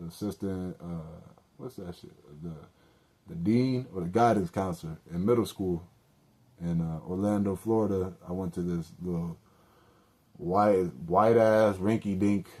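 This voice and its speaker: A man's voice: sits low, mellow. A young man hosting a solo podcast, telling loose, profane stories with joking asides and self-corrections. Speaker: podcast host. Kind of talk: casual solo storytelling.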